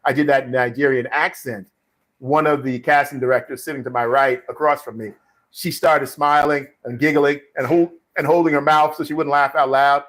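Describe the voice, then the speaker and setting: A middle-aged man hosts a casual live stream from his home studio, chatting about acting. He rambles through anecdotes with plenty of fillers and restarted phrases. His voice sits at an ordinary middle pitch. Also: fairly even intonation, normal speed, fairly bright tone. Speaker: live stream host, actor.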